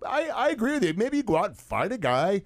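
A man who once played football chats about the game and slips into long anecdotes. He fills the gaps with easy fillers, and his pitch moves around a lot. The sound is close and dry, with no room echo. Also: sing-song, fast. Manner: rambling anecdotes with fillers and laughs. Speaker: co-host, former football player. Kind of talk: casual sports chat, storytelling.

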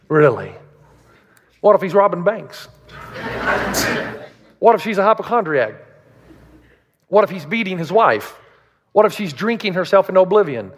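A man's voice: a little high, animated, moderate pace, long pauses. A man preaching a sermon as a pastor, emphatic and full of rhetorical questions. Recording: long reverb of a large hall.

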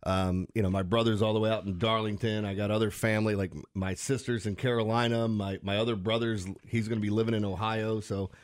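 A man's voice: on the low side, flat delivery, fast talker, few pauses. A man with a Baltimore accent hosting a sports radio show, talking casually and animatedly with frequent restarts and laughs.

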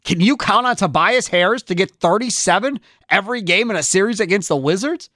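A man hosting a sports talk show, giving strong opinions in an animated way with quick restarts. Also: sits high, no room sound, clean studio sound.

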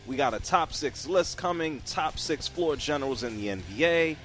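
A man's voice: fairly high pitch, animated, moderate pace, a bit bright, faint music behind. A man hosting a sports radio show in casual, conversational talk, trailing off and sighing as he goes. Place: radio studio. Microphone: studio mic.

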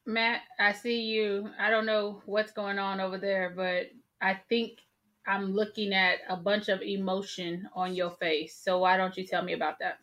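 A woman hosting a group discussion, calm and firm, drawing others out and stating her view plainly. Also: mid-range voice, moderate pace. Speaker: host.

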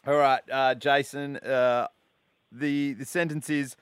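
A man hosting a radio show in casual banter, chatty and quick to laugh, on a studio microphone. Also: mid-range voice, little pitch movement, clean tone. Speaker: radio host.

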